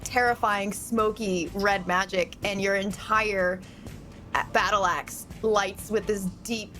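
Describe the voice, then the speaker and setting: A woman's voice: medium pitch, fairly even intonation, takes it slowly, bright, forceful tone, faint music behind. Giggly woman playing a tabletop game. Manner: giggly, chatty, thinks aloud with fillers. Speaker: player. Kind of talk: tabletop game play, casual.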